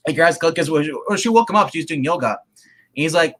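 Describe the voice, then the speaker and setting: A man's voice: on the high side, rapid-fire, fairly bright tone, low-quality recording. Rambling man recapping a show. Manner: rambling, many restarts, quotes characters with laughs. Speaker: podcast co-host. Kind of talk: casual chat recapping a TV episode.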